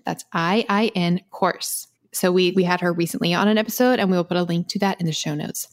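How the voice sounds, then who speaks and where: A woman's voice: lowish voice, a little fast, hardly any pauses. A woman co-hosting a podcast in casual chat, reading listener mail aloud in a gushing, chatty way. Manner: gushing, chatty, full of "like" fillers, laughs often. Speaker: podcast co-host.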